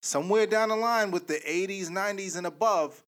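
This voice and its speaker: A man's voice: high-pitched, a little fast, fairly bright tone. A man in a casual group debate, talking in a loose, joking way.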